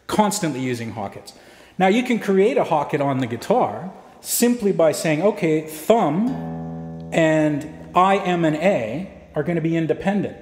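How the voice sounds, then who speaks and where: A man teaching fingerpicking technique in a guitar lesson, explaining step by step in a relaxed way with frequent fillers. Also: fairly high pitch, moderate pace. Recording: roomy echo with guitar playing.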